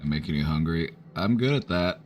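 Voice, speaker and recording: Low-voiced chatty man rambling. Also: animated, fairly quick, faint music behind. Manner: rambling, chatty, lots of fillers. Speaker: streamer offering support. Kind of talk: casual live-stream chat.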